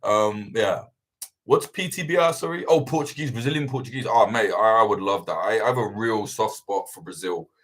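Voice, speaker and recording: Swearing, rambling man, low voice. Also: fairly quick, hardly any pauses. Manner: swears freely, rambling and animated. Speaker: host of livestream Q&A. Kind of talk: casual livestream Q&A chat.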